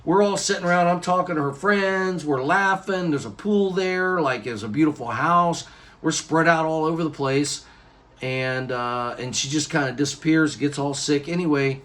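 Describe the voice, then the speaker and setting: A man's voice: a little high, normal speed. A man telling a personal story to camera in a casual vlog, rambling with restarts and jumping into other people's lines. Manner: rambling, animated retelling with many restarts and acted quotes. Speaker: YouTuber.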